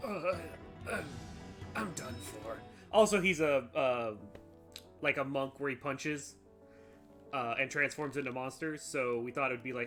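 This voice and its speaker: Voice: medium pitch, measured pace, a bit bright. A co-host of a live game stream, talking in a dry, laid-back, joking way while playing. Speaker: livestream co-host. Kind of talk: casual let's-play banter. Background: game music.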